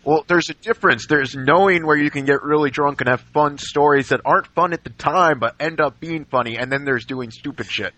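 A man's voice: fairly high pitch, fairly quick, few pauses, pushed and bright, slight background noise. A man on a casual podcast who jumps in to make his point. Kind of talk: casual chat.

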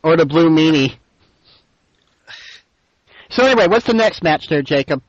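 A man's voice: on the high side, lively intonation, normal speed, no room sound, muffled recording. A man hosting a casual group chat on a wrestling radio show, laughing easily and steering the talk. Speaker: podcast host.

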